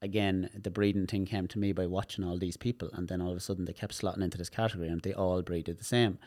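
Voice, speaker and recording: An Irish therapist with a very low voice speaks fast as a guest in a casual interview. He explains animatedly with demonstrations, often repeating words, and the recording is dry and close.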